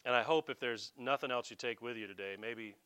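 A man's voice: mid-range voice, fairly quick, clean tone. A middle-aged man, preaching a folksy, joking sermon as pastor. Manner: folksy, animated preaching with jokes and asides.

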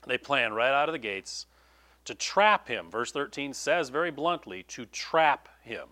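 A man preaching a sermon in a conversational, animated way, with quick asides to the congregation. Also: medium pitch. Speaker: pastor.

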